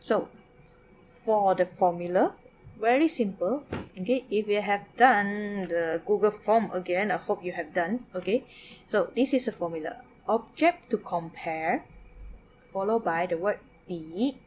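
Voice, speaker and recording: A woman's voice: medium pitch, a little slow, a little mellow, slight background noise. A woman from Malaysia with a Malaysian English accent, teaching a Mandarin lesson. She mixes English, Malay and Mandarin and says "okay" again and again. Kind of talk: recorded online lesson.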